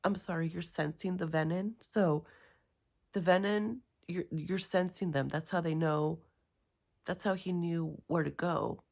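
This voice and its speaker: A woman chatting casually in a reading vlog, rambling and excitable with many fillers. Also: lowish voice, unhurried, creaky. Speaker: book vlogger.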